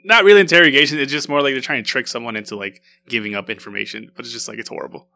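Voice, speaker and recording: A man's voice: medium pitch, steady tone, racing, gravelly, sharp tone, slight background noise. A man co-hosting a podcast, chatting casually and rambling with many restarts. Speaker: podcast co-host. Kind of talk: casual chat.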